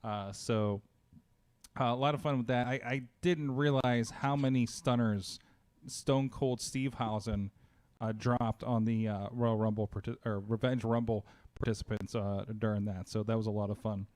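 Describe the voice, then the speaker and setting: A man's voice: on the low side, steady tone, moderate pace, a little mellow. Chatty man hosting a wrestling show. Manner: chatty, many fillers and restarts. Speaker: podcast host. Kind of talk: casual wrestling talk show. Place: home studio. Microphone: close studio mic.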